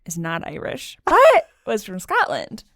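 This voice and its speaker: A woman's voice: a little high, huge pitch swings, unhurried, a bit bright, no echo, studio quality. Playful podcast host woman. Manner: playful, leads the segment. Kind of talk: casual chat.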